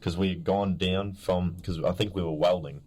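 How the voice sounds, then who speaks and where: Young man, podcast co-host, very low voice, lively storyteller. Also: moderate pace. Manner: animated storytelling, acts out others' voices. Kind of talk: casual chat.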